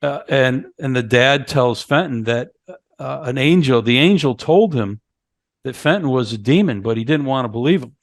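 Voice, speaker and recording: A man's voice: medium pitch, lively intonation, normal speed, no echo, studio quality. A man co-hosting a horror movie podcast, casually recapping film scenes and acting out characters' lines. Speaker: podcast co-host. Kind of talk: casual movie review chat.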